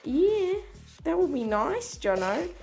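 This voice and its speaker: A man's voice: very high voice, big pitch swings, takes it slowly, vocal fry, darkish tone, faint music behind, pitched above the performer's own voice, full character voice. A teen boy voicing a wary talking pet dog. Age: teens. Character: curious suspicious pet dog, talking back.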